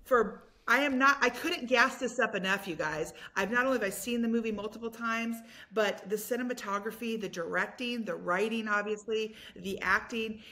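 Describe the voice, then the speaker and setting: A woman guest on a faith-based podcast, telling stories in an animated, effusive way. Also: on the high side, normal speed, few pauses. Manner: animated storyteller, effusive and enthusiastic. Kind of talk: casual chat.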